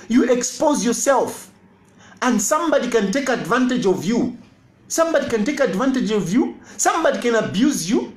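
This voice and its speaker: A man's voice: very high-pitched, echoey room. A Zambian man, an opposition party leader giving a political address, emphatic and repeating his phrases with rhetorical questions.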